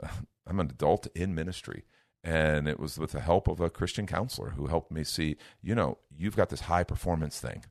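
A middle-aged minister with a low, deep, gravelly voice teaches from the Bible in a relaxed, conversational way, talking briskly. His delivery is earnest, but he brightens into playful voices when he imitates people and acts out everyday speech. The sound is dry and close with no room sound.

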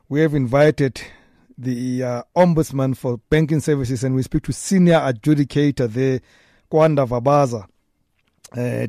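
Male radio host, playful and animated, a bit breathless, close dry mic. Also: medium pitch, dry recording. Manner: lively, jokey, chatty with swings in loudness. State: a little out of breath. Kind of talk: consumer call-in radio talk. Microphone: studio microphone.

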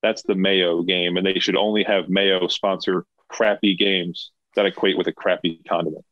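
A man with a low voice co-hosts a podcast in easygoing chat, talking in an emphatic, opinionated way. His audio is dry and dull, as if from a modest lo-fi setup. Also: flat delivery, moderate pace, no echo. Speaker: podcast co-host.

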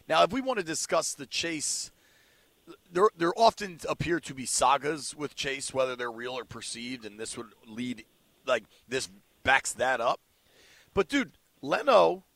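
Gravelly-voiced guy hosting sports talk radio, fairly high voice, dry close sound, loose and jokey. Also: a bit bright, no room sound. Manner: loose, jokey, talks in restarts.

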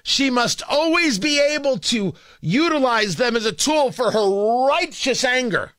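A man with a New York accent hosts a morning talk radio show. His high voice bounces all over, and he sounds sarcastic and combative as he rambles through his rant. The sound is bright and dry, close up with no room around it. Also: expressive, a little slow, dry recording.

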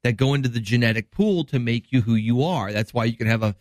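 A man's voice: mid-range voice, fast talker, a little mellow, no room sound, clean studio sound. A middle-aged man from Wisconsin, a doctor hosting a health show, explaining news in rambling, enthusiastic casual chat.

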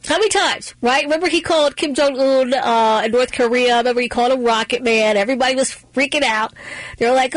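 A woman hosts a political talk radio show and speaks with emphatic, punchy repetition. Her voice sits on the higher side. It is recorded dry and close on a studio microphone. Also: quick pace, no room sound, poor audio. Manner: emphatic, repeats phrases for punch.

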